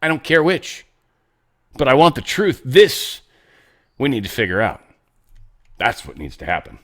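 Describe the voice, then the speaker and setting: A man's voice: medium pitch, huge pitch swings, a little slow, a bit bright. A man hosting a casual political commentary show, rambling and restarting his thoughts with irreverent, jokey asides. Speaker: show host.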